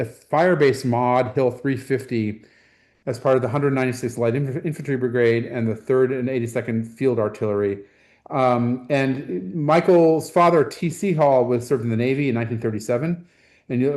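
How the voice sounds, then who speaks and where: A man on a museum's staff giving an informal gallery talk about an exhibition, pausing often and restarting his sentences. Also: mid-range voice, a little mellow. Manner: halting, with frequent ums and restarts.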